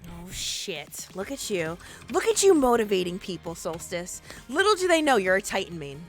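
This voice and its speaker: A woman's voice: mid-range voice, big pitch swings, normal speed, soft background music. A woman hosting a live stream in a casual chat, bubbly and exclamatory. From not British. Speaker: host.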